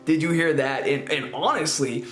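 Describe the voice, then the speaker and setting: A Spokane man in his twenties casually tells a childhood story, wandering, repeating himself, and asking "right?" now and then. His voice is on the high side and a bit bright, at normal speed. Faint guitar music plays in a roomy recording.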